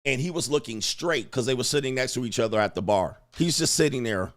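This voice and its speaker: Animated slangy man hosting a livestream. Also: medium pitch, a little fast. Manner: animated, laughing, slangy, reads chat aloud. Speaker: livestream host. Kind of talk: casual livestream storytelling.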